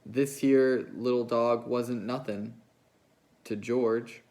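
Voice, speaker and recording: Reading a novel aloud, a man voices a big, slow-witted, childlike ranch hand who speaks in a plaintive, pleading way. His voice is medium-pitched, steady, and mellow, with a sullen mood.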